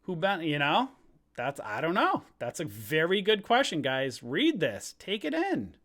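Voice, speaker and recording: A man's voice: fairly high pitch, wildly swooping pitch, unhurried, fairly bright tone. Chatty man hosting a trading stream. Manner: chatty, jokey, rambling, laughs easily. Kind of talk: casual live-stream commentary.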